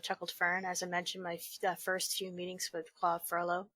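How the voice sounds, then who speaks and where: Low-voiced woman reading fanfiction aloud. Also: completely flat delivery, moderate pace, sharp tone, no room sound. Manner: reads aloud and breaks off laughing at the text. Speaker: fanfiction reader. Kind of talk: comedic dramatic reading.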